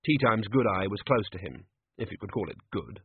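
A man narrating an audiobook in a measured, dry storytelling manner. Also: fairly low pitch, expressive, husky. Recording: tinny phone-like dry audio.

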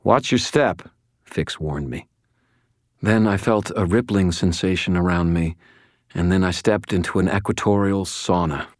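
A man narrating a first-person audiobook in a steady, measured storytelling voice on a close studio mic. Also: low voice, dry recording.

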